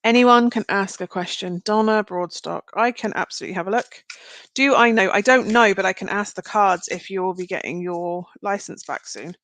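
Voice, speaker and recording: A woman's voice: mid-range voice, moderate pace, fairly bright tone. A woman doing a live tarot reading, chatting straight to her viewers. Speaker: tarot reader. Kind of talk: live-stream card reading.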